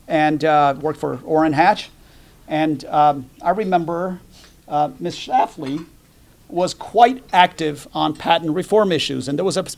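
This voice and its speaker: A man's voice: fairly high pitch, gravelly. A middle-aged man from the United States giving a policy talk at a dinner, telling jokes and stories in a conversational way. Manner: conversational, jokey storytelling with fillers. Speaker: dinner program speaker.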